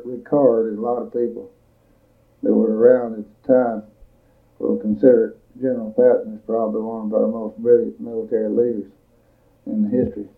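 An older man tells his recollections in a plain, unhurried way with frequent pauses. His voice is gravelly and stays on an even, flat pitch. The recording sounds thin and tinny, like an old tape played over a phone line. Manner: plain-spoken storytelling, measured with pauses. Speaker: veteran giving oral history. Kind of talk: recorded oral history recollection.

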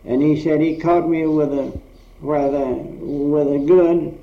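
A man's voice: a little high, fairly even intonation, takes it slowly, vocal fry. An older man telling blunt, rambling stories from his past in casual chat, swearing freely. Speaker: storyteller recalling old times. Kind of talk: casual oral history storytelling. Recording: roomy, dull old tape recording.

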